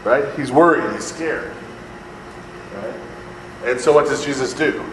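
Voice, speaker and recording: A man's voice: medium pitch, unhurried, fairly bright tone. Give me a joking male Bible study teacher in an echoey hall. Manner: conversational, keeps asking "right?", jokes and acts out voices. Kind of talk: casual Bible study lecture. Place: church hall or classroom with a live group. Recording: echoey hall with faint air-conditioning hum.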